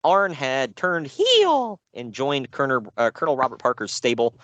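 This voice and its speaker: A man recapping wrestling events on a podcast, sarcastic and quick to laugh. His pitch swings widely as he talks. The sound is dry and close, with no room around it. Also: dry recording, dull audio. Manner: sarcastic, animated, laughs often. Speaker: podcast co-host reviewing wrestling shows. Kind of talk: casual podcast chat.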